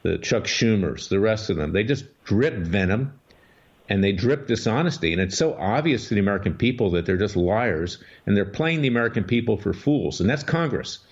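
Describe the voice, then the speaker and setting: A man hosting political talk radio, lowish voice and an emphatic, combative way of laying out his case. The audio is dull and lo-fi, like an old radio broadcast. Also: expressive, brisk. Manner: emphatic, combative, scornful delivery. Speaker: radio talk show host and lawyer.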